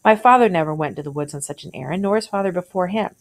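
A woman's voice: fairly low pitch, fast, close to an everyday voice, poor audio. A woman reading aloud the lines of an uneasy young Puritan man in a story, in archaic, reluctant phrasing.

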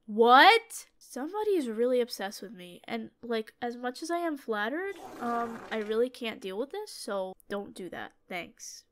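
Young woman, high voice, bright tone, horror game let's play, jittery self-talk. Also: sing-song, measured pace, hardly any pauses. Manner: jittery, panicky, self-talking. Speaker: gaming YouTuber.

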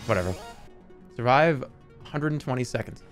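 A man's voice: medium pitch, animated, moderate pace, soft background music. A man streaming live, chatting casually in a rambling, jokey way that trails off into mumbled asides.

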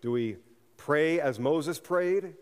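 A man's voice: a little high, slow pace, clear, resonant tone. A man preaching a sermon as a pastor, earnest and building to fervent emphasis. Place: church sanctuary. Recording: long reverb of a church hall.

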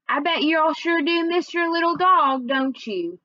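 A man's voice: very high voice, animated, normal speed, sharp tone, no echo, lo-fi sound, pitched above the performer's own voice, heavily acted. A woman voicing a kindly older homeless man with folksy talk, read aloud from a storybook. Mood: sympathetic.

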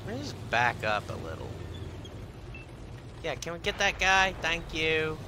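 A man's voice: on the high side, sing-song, measured pace, background noise. A man giving casual, profane, sarcastic commentary while playing a game, muttering to himself between shots. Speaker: gameplay streamer.

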